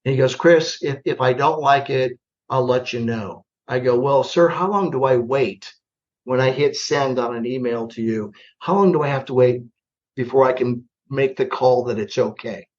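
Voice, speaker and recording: An older man, a retired army general, telling stories as a podcast guest, animated and self-deprecating, acting out the dialogue. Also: medium pitch, moderate pace. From United States. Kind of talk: storytelling in a podcast interview. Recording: slightly dull lo-fi podcast audio.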